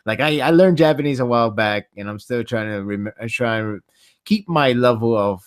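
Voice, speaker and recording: Man, podcast host, casual chat, frequent laughter, average pitch. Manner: laughs often, quick tangents.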